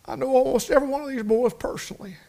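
A middle-aged man preaching with a fairly high voice. He talks in a folksy, heartfelt way, repeating words for emphasis and swinging between quiet and fervent loud passages. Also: steady tone, rapid-fire, gravelly. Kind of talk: sermon.

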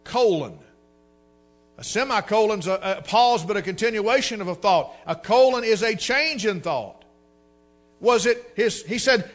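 A man preaching a sermon with fervor, his voice climbing into shouts. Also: sits high, animated, measured pace, faint music behind. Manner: fervent, rising to shouts.

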